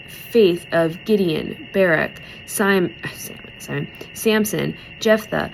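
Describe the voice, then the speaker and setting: A woman's voice: on the low side, slow, gravelly, hardly any pauses, a little hiss or hum, poor audio. A young woman giving a casual, heartfelt devotional talk, emotional and close to tears, chatting with many "like"s. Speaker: speaker in a church devotional video series.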